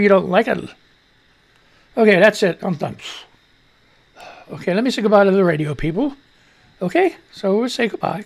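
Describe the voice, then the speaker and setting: Older man, gravelly voice, blunt profane news rant, live-stream host. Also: high voice, very animated, moderate pace, pauses often, fairly bright tone. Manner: talks back to the clips he plays. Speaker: show host.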